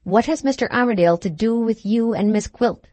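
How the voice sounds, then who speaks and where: A woman's voice: on the high side, a little fast, dark tone, no echo, lightly acted. A woman voicing a sardonic, blunt nurse who questions her mistress dryly in an audiobook. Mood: probing. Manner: dry, blunt, probing.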